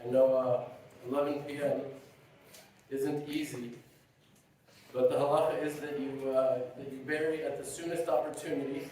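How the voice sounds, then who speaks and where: A man giving a heartfelt eulogy for his father at a funeral, speaking in a halting, emotional way with touches of warm humor. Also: medium pitch, flat delivery, slight background noise. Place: funeral gathering. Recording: very echoey, far from the mic.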